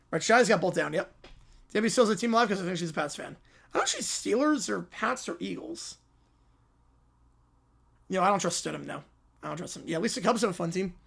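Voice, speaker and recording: A live stream host chatting in a reaction stream, quickly reading out viewer questions and answering them. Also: mid-range voice, vocal fry. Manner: rapid, reads out viewer questions.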